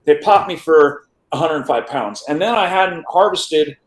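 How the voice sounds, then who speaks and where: A man's voice: on the high side, unhurried, reverberant, low-quality recording. A man being interviewed, telling a long personal story in a casual way, acting out what people said and restarting phrases now and then. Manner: animated, acts out quotes, some stammered restarts. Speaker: interview guest.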